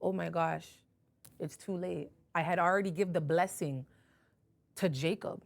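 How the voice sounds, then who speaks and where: A woman's voice: lowish voice, steady tone, a little slow, creaky. A woman voicing a blind elderly father who questions and then mourns. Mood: grieving. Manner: questioning, pleading. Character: blind aged father, doubting and grieving.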